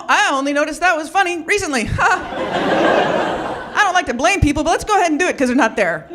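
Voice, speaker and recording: A woman's voice: high voice, background noise. A woman doing a wry, self-deprecating stand-up comedy set. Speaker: stand-up comic.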